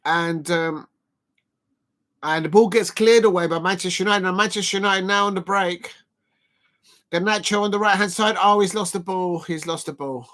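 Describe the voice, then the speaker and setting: A man hosting a casual live football watch-along, chatty and excitable, counting exercise reps between remarks and shouting at big moments. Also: sits high, moderate pace. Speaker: livestream watch-along host.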